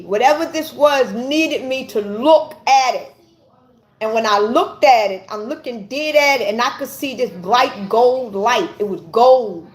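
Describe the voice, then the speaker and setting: A woman giving an earnest personal testimony to camera, halting and often repeating her words as she searches for them. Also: fairly high pitch. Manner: earnest and intense. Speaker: vlogger.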